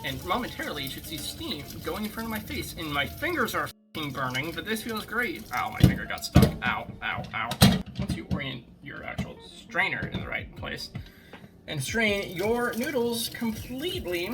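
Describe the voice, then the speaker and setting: A man's voice: high-pitched, sing-song, moderate pace, loud music behind the voice. A young man casually talking through a home cooking video, rambling and joking with plenty of swearing. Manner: rambling, jokey, swears a lot.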